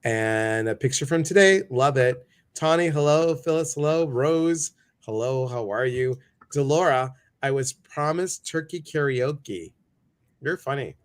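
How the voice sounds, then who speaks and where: A man's voice: mid-range voice, a little slow, smooth. A man hosting a casual livestream talk show, chatty and upbeat as he greets viewers one by one.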